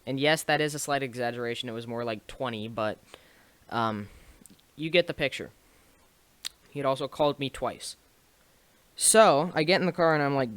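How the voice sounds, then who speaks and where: A man's voice: mid-range voice, moderate pace, pauses often, fairly bright tone, smooth, dry recording. A young man telling a casual story to camera, rambling with restarts and small laughs. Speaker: streamer and video maker.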